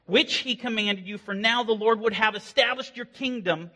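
A man preaching a sermon as pastor, impassioned, swinging from hushed passages to loud declarations. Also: sits high, moderate pace. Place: church. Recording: long reverb of a hall.

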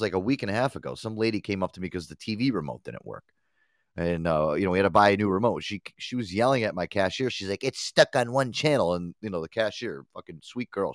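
A man hosting a casual talk show, telling stories in a profane, animated way. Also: fairly low pitch, no room sound, studio quality. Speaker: podcast host. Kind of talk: casual chat.

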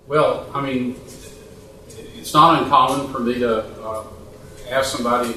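A pastor telling an animated story, quoting others as he speaks. He sits far from the mic in a very echoey hall, with a faint hum of noise behind him. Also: mid-range voice, a little fast. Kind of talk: storytelling in a church panel.

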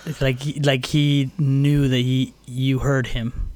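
A man with a middle-pitched voice, recorded dry and close. He chats casually as a podcast co-host and mostly listens, answering with short replies. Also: flat delivery, takes it slowly, a little mellow, dry recording. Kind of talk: casual chat.

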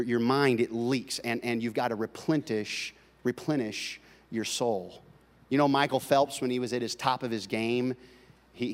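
A middle-aged male pastor preaching a sermon in an animated way, cracking jokes, swinging from loud bursts to quiet asides. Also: mid-range voice, long reverb tail.

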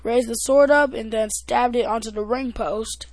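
Brief: higher-voiced woman, podcast host, rambling casual recap, dry close sound. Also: steady tone, a little mellow, dry recording. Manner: rambling, halting, with many restarts and fillers. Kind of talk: casual wrestling recap chat.

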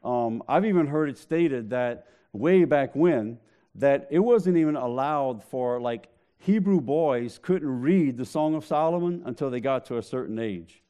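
A man's voice: mid-range voice, lively intonation, a little slow, dark tone, clean tone. A man preaching a sermon, joking with the congregation in a conversational way. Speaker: pastor.

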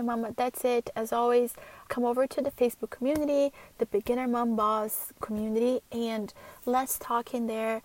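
A woman's voice: fairly high pitch, a little mellow, poor audio. A young adult woman hosting a podcast, giving an earnest, heartfelt motivational talk in a chatty, casual way. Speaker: podcast host and business coach for moms.

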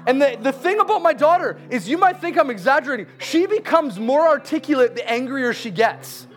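A man with an unusually high voice tells a sermon story about his daughter. He is animated and laughs along the way, slowing to a crawl on the key lines. Faint music plays underneath.

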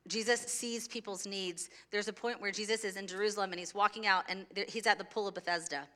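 A woman's voice: mid-range voice, bright, forceful tone. A woman pastor preaching a sermon to a church congregation in a conversational way. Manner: conversational, laughs easily, sings a children's song. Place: church sanctuary.

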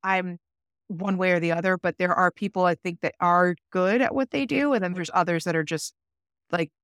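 A woman's voice: lowish voice, moderate pace, a bit bright, no room sound, studio quality. A woman co-hosting a podcast, answering her partner with short, casual reactions. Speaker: podcast co-host. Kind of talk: casual chat.

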